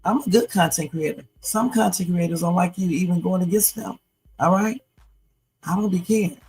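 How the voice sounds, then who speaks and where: Signing off a late-night livestream, a tired but playful woman rambles and cracks jokes in a casual chat. Her voice sits on the low side, husky and a little mellow, at a moderate pace, over poor audio.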